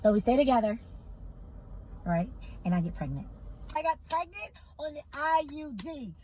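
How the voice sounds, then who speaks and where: A woman telling a personal story in a casual storytime, emphatic and animated, repeating phrases for effect. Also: sits high, normal speed, dull audio, a little hiss or hum.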